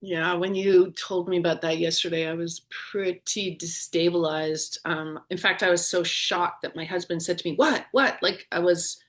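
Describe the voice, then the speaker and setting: A woman co-hosting a discussion on a video call, impassioned, with her pitch rising on stressed words. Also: flat delivery, moderate pace, few pauses. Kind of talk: emotional group discussion.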